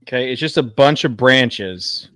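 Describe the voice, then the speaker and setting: A man's voice: medium pitch, expressive, unhurried, pushed and bright, dry recording. A man who is a guest on a casual chat, talking in a dry, joking way.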